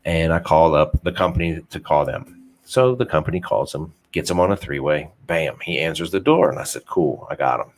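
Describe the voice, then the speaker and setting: Casual podcast host, young man with a low voice, loose and rambling, profane, self-mocking humor. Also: lively intonation, normal speed. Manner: swears freely, rambling, self-deprecating. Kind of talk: casual unfiltered chat.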